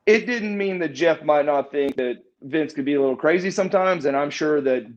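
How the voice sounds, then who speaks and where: A man's voice: a little high, fairly quick, highs cut off. A man telling stories as a podcast interview guest, rambling, restarting his words and chuckling often. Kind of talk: casual storytelling in a podcast interview.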